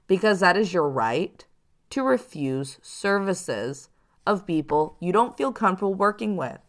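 A woman with a fairly low voice talks casually to her viewers as a psychic host. She is chatty and animated, acting out the hustlers she warns about. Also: a little slow. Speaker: psychic reader and show host. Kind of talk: casual advice talk to viewers.

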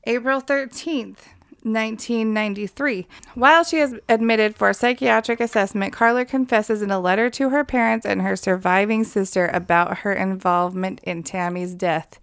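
A woman co-hosts a casual true-crime podcast and reads the case notes aloud. Her voice is smooth and resonant with a gravelly edge, and she giggles often and mimics people in put-on voices. The recording is dry and close to the mic. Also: mid-range voice, fairly even intonation, moderate pace, fairly bright tone, no echo. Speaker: podcast co-host.

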